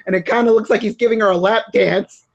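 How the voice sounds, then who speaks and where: A man chatting casually on a stream, laid-back and quick to laugh. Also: high-pitched, steady tone, vocal fry, lo-fi sound. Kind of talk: casual chat.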